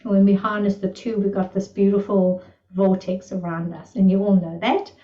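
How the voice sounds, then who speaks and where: A woman's voice: medium pitch, steady tone, normal speed, mellow. A woman teaching energy healing, telling stories with delighted enthusiasm in a casual lesson. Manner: enthusiastic, marvelling storyteller. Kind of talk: casual storytelling in an online lesson. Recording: distant, roomy, slightly dull recording.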